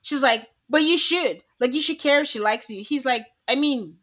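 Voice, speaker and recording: Bright, animated woman recapping a show. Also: sits high, normal speed, few pauses. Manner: animated, acts out quotes from the show. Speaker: podcast co-host. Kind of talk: casual recap chat.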